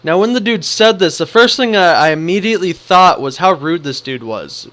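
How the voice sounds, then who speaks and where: A young man vlogging a casual story, animated and acting out what people said. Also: sits high, moderate pace. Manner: animated, acts out the quotes.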